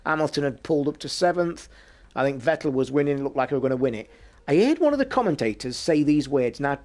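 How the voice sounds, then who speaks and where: Sweary man ranting. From England. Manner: sweary, animated, swings from loud outbursts to low asides. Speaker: podcast host. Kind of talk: casual sports rant.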